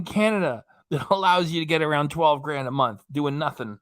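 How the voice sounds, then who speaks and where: A man's voice: a little high, normal speed. A man casually commenting as host of a reaction channel, chatty and rambling, laughing often as he talks.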